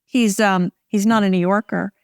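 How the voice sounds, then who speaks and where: A middle-aged American woman, a film director, chatting in an interview in a wry, relaxed way with short phrases and restarts. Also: mid-range voice, moderate pace, clear, resonant tone, no echo, studio quality. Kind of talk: casual interview conversation.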